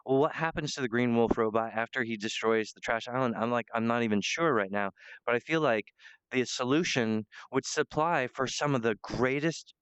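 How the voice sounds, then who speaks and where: Rambling man pitching with smooth voice. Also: fairly bright tone, dry recording, highs cut off. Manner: rambling, halting, full of fillers, jumps into high acted-out quotes. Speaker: amateur pitching a cartoon episode idea. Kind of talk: rambling excited pitch monologue.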